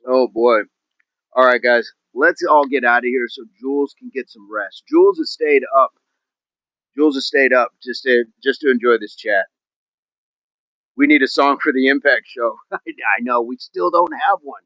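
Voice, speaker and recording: A man's voice: medium pitch, normal speed, fairly bright tone, no echo, dull audio. A man hosting a fitness livestream, chatting to his viewers in an upbeat, rambling, jokey way. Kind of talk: casual livestream chat to viewers.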